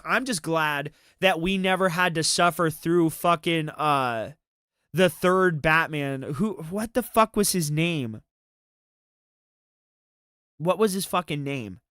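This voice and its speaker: A man's voice: on the high side, a bit bright, clean tone, no room sound, clean studio sound. A man hosting a casual stream, rambling profanely and restarting his sentences. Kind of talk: casual commentary chat.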